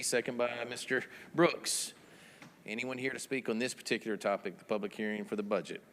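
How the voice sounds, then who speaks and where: A man's voice: lowish voice, a bit bright, in a large hall, slight background noise. A man chairing a town board meeting as mayor, rattling through motions and votes.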